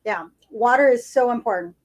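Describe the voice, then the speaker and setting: A woman's voice: a little high, normal speed, crowd noise, poor audio. A woman co-hosting a podcast, chatting casually and savoring food as she tastes it aloud. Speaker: podcast co-host. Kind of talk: casual food-tasting chat.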